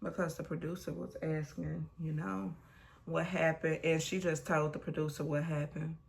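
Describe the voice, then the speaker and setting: A woman's voice: low voice, flat delivery, moderate pace, gravelly. A woman hosting a casual recap vlog, retelling a reality show scene with blunt asides and acting out the quotes.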